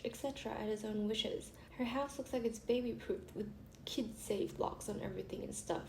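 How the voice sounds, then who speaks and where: In an echoey room with faint hiss, a young woman vlogger reads funny stories aloud, chatty and giggly, often stopping to laugh. Her voice is fairly high, gravelly and warm.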